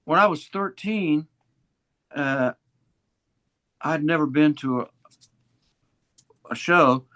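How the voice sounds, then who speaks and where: Older man telling lively stories. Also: a little high, slow. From Virginia, US. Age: 70s. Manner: animated storyteller with old hipster slang. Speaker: guest musician. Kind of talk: casual storytelling interview.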